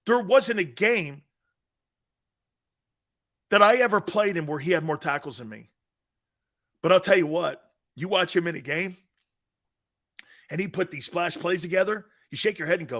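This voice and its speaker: A middle-aged American man hosting casual live sports talk, animated and laughing, reading out viewer comments. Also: on the high side, moderate pace, long pauses. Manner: animated, loud bursts, laughs a lot.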